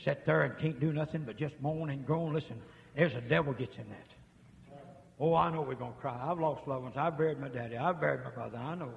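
A man preaching a revival sermon, swinging from hushed murmurs to shouts. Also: medium pitch, fairly quick, vocal fry. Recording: dull lo-fi tape with long reverb.

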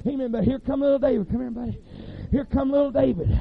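A man's voice: very high-pitched, steady tone, fast talker, gravelly, husky, dry recording. A man with a Southern US accent preaching a fervent revival sermon in a church service, punctuating his words with constant amens. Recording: dull lo-fi recording.

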